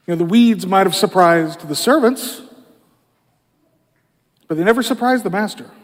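A male pastor delivering a sermon in a relaxed, conversational manner, often dropping in "you know" as he explains. His voice sits noticeably high for a man. The sound carries a long reverb from a large church sanctuary. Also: moderate pace.

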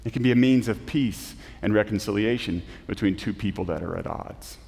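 A man preaching a sermon as pastor, earnest, with emphatic rises and soft, slow drops. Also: lowish voice, gravelly. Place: church sanctuary. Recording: long reverb of a church hall.

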